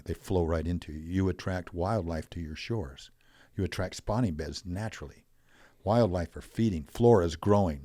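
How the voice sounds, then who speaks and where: Older man, very deep voice, podcast guest, animated storytelling, swelling emphasis. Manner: animated storyteller, rising and falling in loudness. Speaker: podcast guest, wealth coach.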